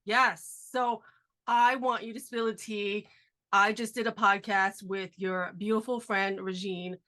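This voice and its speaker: A woman's voice: medium pitch, fairly even intonation, sharp tone. A woman hosting a casual podcast chat from her cold garage over a video call, sounding nasal from a cold. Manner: chatty, upbeat, fast asides. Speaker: podcast host.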